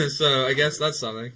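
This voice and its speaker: A man's voice: on the high side, bright, forceful tone, a little hiss or hum. A young man streaming a game, chatting loosely and laughing often, with many restarts. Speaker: livestreamer. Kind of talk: casual chat while gaming.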